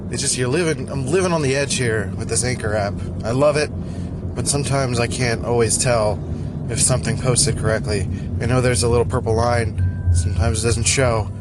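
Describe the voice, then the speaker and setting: A podcast host with a medium-pitched voice talks briskly while driving in traffic, loud music playing behind him. His casual monologue rambles in a scattered, joking, self-deprecating way.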